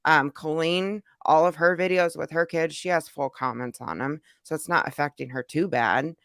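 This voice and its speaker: A woman's voice: sits low, moderate pace, vocal fry, no echo, studio quality. A woman streaming a live reaction, chatting casually and reading viewers' comments aloud.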